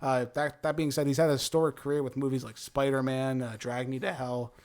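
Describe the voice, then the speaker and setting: A man's voice: mid-range voice, flat delivery, brisk, darkish tone. A young man co-hosting a casual movie review chat, talking with enthusiasm and now and then slipping into a showy announcer tone. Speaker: movie review show co-host.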